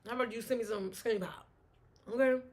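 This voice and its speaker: A woman's voice: a little high, fast, slight background noise. A woman hosting a casual solo sports talk show, chatting and thinking aloud, often restarting her sentences.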